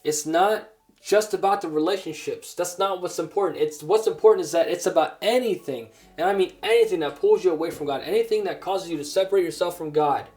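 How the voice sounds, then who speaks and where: A man's voice: high voice, darkish tone, faint music behind. Earnest man preaching a testimony sermon. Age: adult. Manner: earnest, halting with many restarts.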